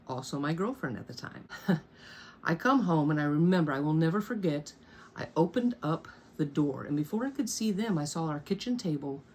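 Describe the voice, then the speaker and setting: A woman's voice: deep voice, darkish tone, slight background noise. A woman in her thirties telling a personal story in a candid storytime vlog from her bedroom, blunt and swearing freely with wry asides. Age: 30s. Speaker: storyteller vlogger. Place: bedroom at home.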